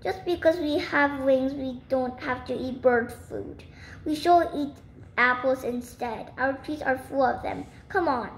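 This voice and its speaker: A woman's voice: high voice, unhurried. A woman reading as a decisive father bird. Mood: firm. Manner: reassuring, decisive. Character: proud, steady bird-turned father. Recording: echoey room, faint noise.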